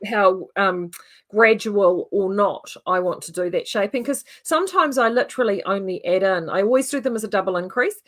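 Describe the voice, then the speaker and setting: A woman's voice: mid-range voice, lively intonation, moderate pace, fairly bright tone. A woman with a New Zealand accent hosting a casual livestream, chatty and rambling with many fillers. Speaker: yarn shop host.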